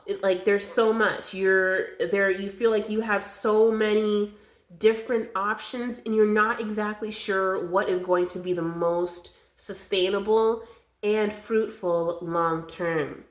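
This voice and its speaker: A woman's voice: mid-range voice, steady tone. A woman doing a collective tarot reading to camera, soothing and affectionate, a little winded. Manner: slow, soothing and affectionate, calls viewers loves and darling. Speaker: tarot reader.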